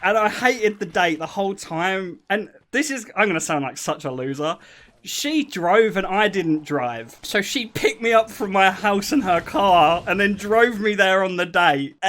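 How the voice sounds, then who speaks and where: A young man telling stories to his live chat, animated and self-deprecating and laughing often. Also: sits high, a little slow. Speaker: streamer. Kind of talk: casual storytelling to a live chat.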